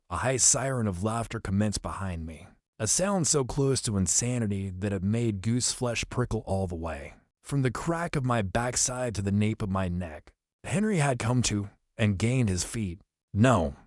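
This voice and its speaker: Guy reading a horror audiobook, low voice, slow and grim, dry close sound. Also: a little mellow, no echo. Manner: measured, somber confessional telling. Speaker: audiobook narrator. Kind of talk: scripted first-person horror narration.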